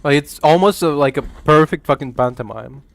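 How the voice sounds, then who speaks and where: A man's voice: on the high side, moderate pace, gravelly. A young man from Ukraine streaming a game, chatting casually in a rambling way, stammering, and swearing freely. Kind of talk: casual gaming chat.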